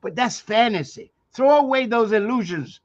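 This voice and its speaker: A man's voice: extremely high pitch, expressive, moderate pace, dull audio. A man from Maryland's Eastern Shore with a Maryland Black vernacular accent, a university lecturer speaking as an interview guest in an emphatic, preacherly way with many rhetorical questions. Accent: Maryland Eastern Shore, African American Vernacular. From Maryland Eastern Shore, USA. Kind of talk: impassioned interview talk.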